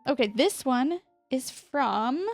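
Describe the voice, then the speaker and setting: A woman's voice: sits high, takes it slowly, soft background music. A young woman co-hosting a podcast, chatting casually and gushing over gifts. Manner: excitable, gushing. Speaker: podcast co-host. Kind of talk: casual chat.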